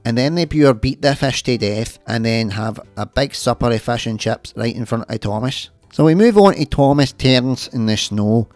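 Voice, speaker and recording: A man's voice: medium pitch, dry recording. A man with a Scottish accent retelling children's stories in a sweary, sarcastic comic style. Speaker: comic storyteller.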